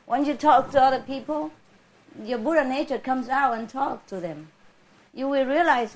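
Woman, spiritual teacher, chatty and laughing a lot, slightly high voice. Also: moderate pace. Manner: warm, chuckling, conversational, laughs often.

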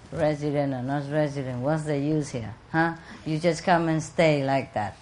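Slow, low-voiced woman teasing an audience. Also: a little mellow. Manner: playful and teasing, coos affectionately to pets; loose non-native English grammar. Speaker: leader of a spiritual center gathering. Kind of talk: casual talk to a live audience. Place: indoor room with an audience. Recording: noisy live room recording.

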